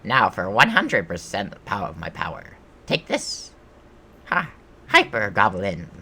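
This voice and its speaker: A man's voice: lowish voice, wildly swooping pitch, unhurried, gravelly, bright, forceful tone, husky, full character voice. A man voicing dim, boastful male goblin warriors who talk in broken grammar, in a video game playthrough. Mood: triumphant.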